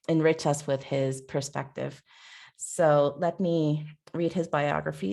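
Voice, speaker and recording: A woman's voice: low voice, vocal fry, darkish tone. A woman hosting an online talk on a video call, introducing the speaker and stumbling over her words at times.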